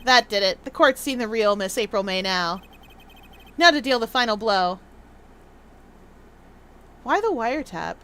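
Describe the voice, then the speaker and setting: Woman playing an earnest young male defense lawyer, lowered voice, clipped. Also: lively intonation, measured pace, pauses often, pushed and bright, smooth, full character voice. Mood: determined.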